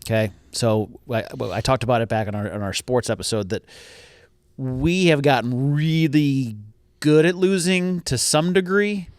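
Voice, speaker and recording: A man's voice: medium pitch, normal speed, smooth, no echo, studio quality. A middle-aged man co-hosting a podcast, telling a family story in a candid, self-deprecating way and swearing freely. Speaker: podcast co-host. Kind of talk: casual storytelling chat.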